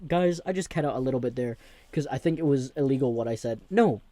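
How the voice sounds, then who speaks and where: A man's voice: medium pitch, fast talker, mellow, dry recording. Rambling young New man. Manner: rambling, self-interrupting, jokey. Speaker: host. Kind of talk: rambling comedic monologue.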